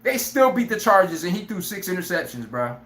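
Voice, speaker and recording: Brash, laughing live sports-stream host. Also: male voice, high-pitched, fairly quick, reverberant. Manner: brash, animated, laughs often, acts out players' lines. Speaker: sports talk show host.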